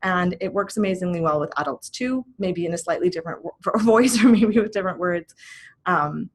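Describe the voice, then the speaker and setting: A woman in her thirties talks casually and reflectively, in a gentle voice that sits a little low. Soft laughs slip into her sentences as she speaks. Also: a little fast. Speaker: host. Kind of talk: casual spoken talk on boundaries.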